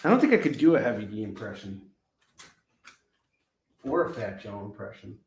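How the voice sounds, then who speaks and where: A man hosting a casual live shopping stream, pitching comic books with rambling jokes and laughing at himself. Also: lively intonation, moderate pace, vocal fry, echoey room, slight background noise. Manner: jokey, rambling, laughs at his own jokes.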